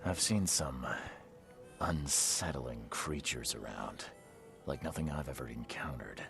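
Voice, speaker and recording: An actor playing a hard-nosed male detective who questions people in a calm, pressing way. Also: a bass voice, unhurried, over music, exaggerated voice. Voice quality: gravelly.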